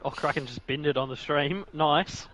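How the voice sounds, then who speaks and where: A man's voice: on the high side, moderate pace, a bit bright. A man co-hosting a live racing game stream, chatty and teasing, laughing often. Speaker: stream co-host. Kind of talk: casual live-stream chat and race commentary. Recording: dull lo-fi remote audio.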